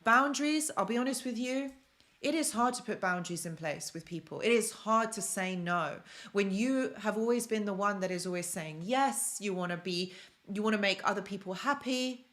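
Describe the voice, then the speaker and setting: A woman's voice: mid-range voice, normal speed, a bit bright. A young woman from London hosts a casual self-help live stream, chatting and repeating phrases for emphasis while she answers viewer comments.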